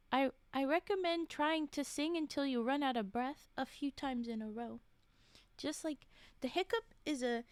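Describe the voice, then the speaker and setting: A high-pitched woman reads ghost stories on a relaxed live stream with no room sound. She's talkative, regularly interrupting the reading to react, laugh, whisper asides and answer her chat.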